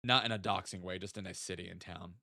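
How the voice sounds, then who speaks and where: A man's voice: deep voice, steady tone, fast, creaky, pushed and bright, no echo, clean studio sound. A young man casually thinking aloud and joking while streaming a geography guessing game. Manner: chatty, thinks aloud, jokey asides. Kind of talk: casual gaming stream chat.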